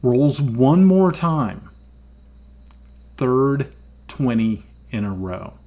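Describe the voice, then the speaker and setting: A man's voice: mid-range voice, sing-song, very slow, dark tone. A man with a Southern American accent, chatting casually as a streamer and dungeon master, laughing often and swearing lightly.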